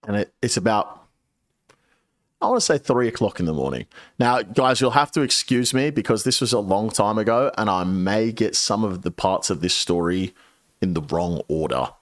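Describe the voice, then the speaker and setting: A man streaming and telling a long story to his chat, casual and profane, with lively shifts into the voices of the people he quotes. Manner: animated, profane, swings pitch when quoting people.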